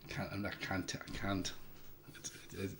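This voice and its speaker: A man's voice: low-pitched, level tone, normal speed, a bit bright, slight background noise. A man from the Isle of Lewis with a Scottish accent, hosting a casual livestream and answering viewer questions in a rambling, hesitant way full of fillers. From Isle of Lewis, Scotland. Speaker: livestream host, hobbyist hardware maker.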